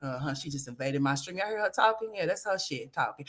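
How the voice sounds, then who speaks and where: A woman's voice: medium pitch, big pitch swings, fairly quick, few pauses. A woman hosting a gossip commentary livestream, profane and trash-talking, laughing often and talking straight to her viewers. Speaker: livestream host.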